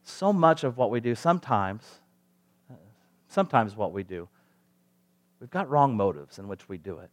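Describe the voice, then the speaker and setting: A man's voice: fairly low pitch, big pitch swings, normal speed, long pauses. A male pastor preaching a sermon in a conversational way, asking the congregation rhetorical questions.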